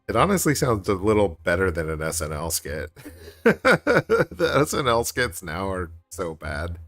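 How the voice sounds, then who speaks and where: A man's voice: low voice, huge pitch swings, measured pace, a bit bright, soft background music. A man streaming a game, chatting casually in a rambling way with joking asides. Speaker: gaming streamer. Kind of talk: casual chat while gaming.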